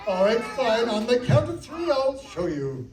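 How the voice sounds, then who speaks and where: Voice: mid-range voice, very animated, unhurried. A children's magician performing a live show, playfully coaxing the audience with countdowns and a magic word. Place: library activity room, indoors. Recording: distant, echoey, loud crowd noise. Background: noisy crowd of children.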